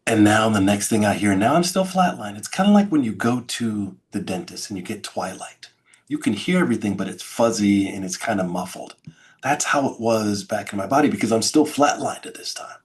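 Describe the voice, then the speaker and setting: A man's voice: fairly low pitch, expressive, a little fast. A middle-aged man telling his story as an interview guest, acting out sounds and quoted lines with dramatic flair. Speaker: podcast guest, keynote speaker.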